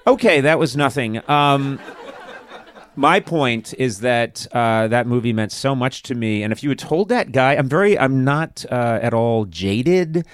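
A man in his sixties hosts a live comedy podcast in a mid-pitched voice. He riffs and jokes loosely and pokes fun at himself. His delivery is relaxed and conversational. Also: unhurried, dry recording, clean studio sound. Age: 60s. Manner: joking, self-mocking and riffing. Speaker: podcast host. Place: live show on a stage.

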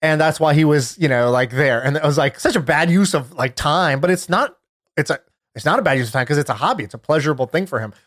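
A man chatting on a podcast with a somewhat high-pitched voice, telling a story with lots of fillers and energy. The sound is dry and close to the mic. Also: fast, no echo. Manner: animated storyteller, many fillers, laughs while telling. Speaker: podcast co-host. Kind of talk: casual chat.

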